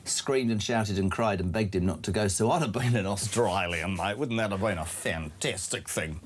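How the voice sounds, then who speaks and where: A man's voice: normal speed, breathy edge. A man in his sixties hosting a breakfast talk radio show, joking and reading out listeners' messages. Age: 60s. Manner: lively, jokey, swings pitch when reading messages. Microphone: studio mic.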